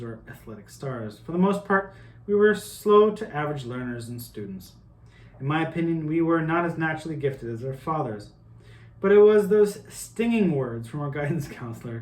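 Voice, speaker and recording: A man's voice: medium pitch, darkish tone. Earnest man reading aloud, echoey room. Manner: earnest, with small asides and chuckles. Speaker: channel host reading a book aloud. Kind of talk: reading a self-help book aloud.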